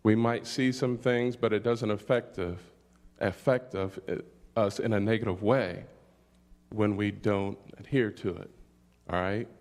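Older guy preaching real slow, reads verses, throws in hallelujahs. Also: lowish voice, fairly even intonation, darkish tone. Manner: slow, deliberate delivery with scripture readings and call-outs. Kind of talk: sermon.

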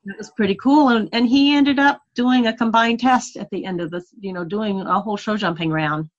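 A woman's voice: medium pitch, fairly quick, highs cut off. A woman talking through a personal story as an interview guest, in a mid-range voice. Her delivery is earnest and reflective. She sometimes laughs at herself. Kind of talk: conversational storytelling.

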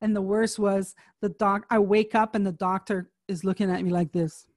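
A woman in casual conversation, telling a personal story in an animated way and acting out the voices of people she quotes. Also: medium pitch, normal speed, no room sound, studio quality.

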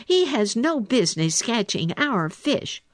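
A man's voice: on the high side, sing-song, slow pace, vocal fry, no room sound, pitched above the performer's own voice, heavily acted. A man voicing a hot-tempered, hungry little male otter in a storybook reading, snapping fiercely. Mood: snappish.

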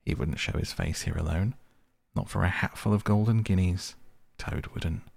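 Storybook rat, brave and kindly, deep gravelly voice, read by a man. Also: moderate pace, a little mellow, no echo, heavily acted. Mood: reassuring. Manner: reassuring, hearty. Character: brave, good-natured male water rat.

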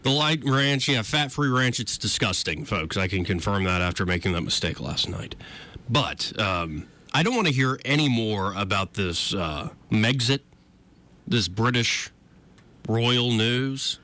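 A man hosting talk radio, his lowish voice carrying a bright, forceful edge. He swoops through a wide pitch range as he riffs sarcastically on the news, loose and conversational. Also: expressive, measured pace. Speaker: radio talk show host. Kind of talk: casual political talk radio.

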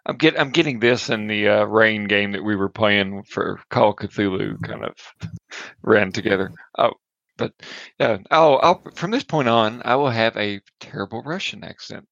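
A man's voice: on the low side, normal speed, vocal fry, fairly bright tone, no echo. A man playing in a tabletop game, laid-back and prone to chuckling. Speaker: player. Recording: dull lo-fi dry sound.

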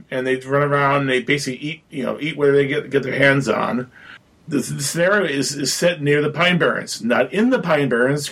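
A man on a podcast pitching a horror game scenario in casual, rambling chat with frequent restarts. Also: fairly bright tone. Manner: rambling, many restarts, chatty.

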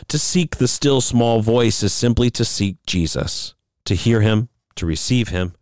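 A man teaching a Bible study lesson, measured and emphatic, slowing down on key words. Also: fairly low pitch, darkish tone, clean tone, dry recording, clean studio sound.

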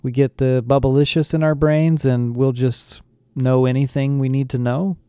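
A man doing a deadpan, unimpressed young guy. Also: medium pitch, moderate pace, clean tone, no room sound, clean studio sound, lightly acted.

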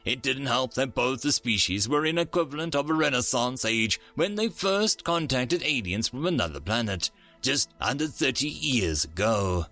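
A man narrating a science fiction story in a lively storytelling way. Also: mid-range voice, moderate pace, faint music behind.

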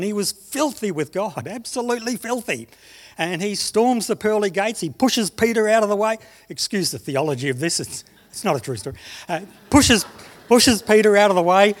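A man preaching a sermon, telling stories and slowing down on key phrases. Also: sits high. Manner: storytelling, slows down for emphasis. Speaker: pastor.

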